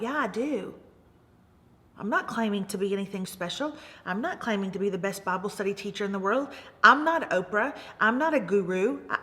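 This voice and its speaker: A woman's voice: mid-range voice, sharp tone, long reverb tail. A woman Bible study teacher giving an emphatic, repetitive faith-based motivational talk, calling her listeners "baby.".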